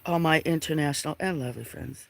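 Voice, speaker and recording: A man's voice: fairly high pitch, quick pace, vocal fry, a bit bright, dry recording. A man hosting a casual outdoor farm livestream, sniffling a little and rambling as he greets viewers from chat by name, now and then dropping to a whisper. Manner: rambling, friendly, reading chat names aloud, sometimes whispering. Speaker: livestream host. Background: birds.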